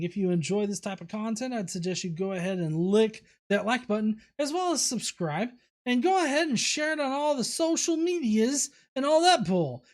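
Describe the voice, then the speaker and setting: A man hosting a livestream, casually reading viewer comments aloud with many fillers and restarts. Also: very high voice. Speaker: host.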